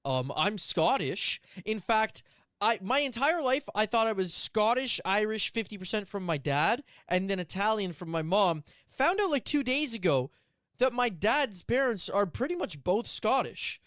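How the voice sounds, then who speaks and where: A man with a high voice chatting on a stream, rambling through asides and laughing easily. He sounds dry and close, with no room echo at all. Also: expressive, normal speed, fairly bright tone, clean tone. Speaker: stream co-host. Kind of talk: casual stream chat.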